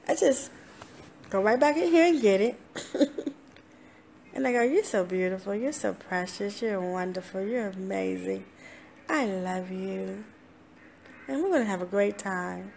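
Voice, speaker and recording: Slow, earnest woman life coach. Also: mid-range voice, darkish tone, a little hiss or hum. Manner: slow, repetitive, earnest, with laughs and playful self-talk voices. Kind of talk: motivational talk to camera.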